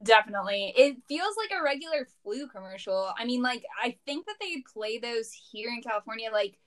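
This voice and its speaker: Blunt, slangy woman, higher voice. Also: animated, a little fast. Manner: blunt, slangy, laughs along. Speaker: podcast co-host. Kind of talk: casual chat.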